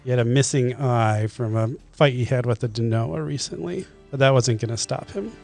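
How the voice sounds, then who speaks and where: A man's voice: medium pitch, moderate pace, creaky, a little mellow, faint music behind. A man from Kentucky narrating and ruling as dungeon master in a laid-back, laughing way. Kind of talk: narrating a tabletop game.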